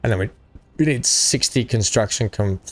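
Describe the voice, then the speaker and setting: A man's voice: fairly low pitch, normal speed, soft background music. An Australian man hosting a gaming video, chatting casually and enthusiastically while he plays, often rambling. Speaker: gaming channel host. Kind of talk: casual gameplay chat.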